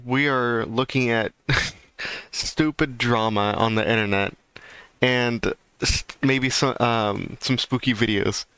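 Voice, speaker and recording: Rambling male streamer, smooth dry voice. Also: medium pitch, fairly even intonation, slow, sharp tone, no room sound. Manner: rambling, ranting, heavy fillers. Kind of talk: casual livestream chat.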